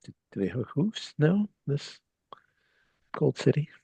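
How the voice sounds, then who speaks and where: A man's voice: on the high side, big pitch swings, a little slow, creaky, mellow, husky. A man playing in an online tabletop game, hesitant with a dry sense of humour. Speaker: player. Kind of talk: casual tabletop chat.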